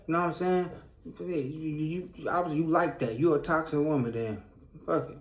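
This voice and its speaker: A man's voice: fairly high pitch, fairly even intonation, normal speed, roomy sound, poor audio. A man telling a painful personal story in casual speech, rambling with many fillers and restarts, his tone somber and pained. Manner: somber, pained retelling of a loss.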